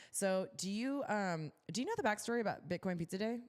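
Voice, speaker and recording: A woman's voice: mid-range voice, lively intonation, brisk, few pauses. A young adult woman co-hosting a casual livestream chat, bubbly and upbeat with lots of fillers. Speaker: podcast co-host.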